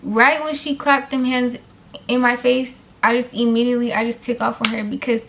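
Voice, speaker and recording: A young woman casually telling a story on her vlog, animated and blunt with plenty of swearing. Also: on the high side, normal speed, gravelly, a little hiss or hum. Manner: animated, blunt, heavy profanity.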